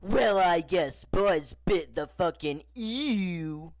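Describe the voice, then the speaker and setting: An evil, grinning cowboy toy, as a man puts him on, who taunts in a slow, menacing drawl. The voice sits a little higher and punchier than a plain speaking voice. The sound is dry and close, like a storybook reading. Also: lively intonation, no room sound, exaggerated voice. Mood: taunting.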